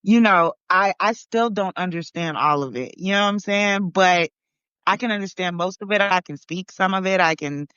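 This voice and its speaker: Rambling woman, smooth, lo-fi. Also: lowish voice, normal speed, a bit bright, no room sound. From Barbados and New York. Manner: rambling, lots of fillers and restarts. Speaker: podcast participant. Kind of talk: casual conversation. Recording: dull lo-fi.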